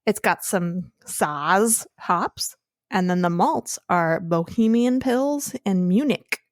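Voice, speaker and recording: A woman co-hosting a podcast in casual chat, playful and quick to laugh, swearing casually. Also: mid-range voice, expressive, no room sound, studio quality. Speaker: podcast co-host.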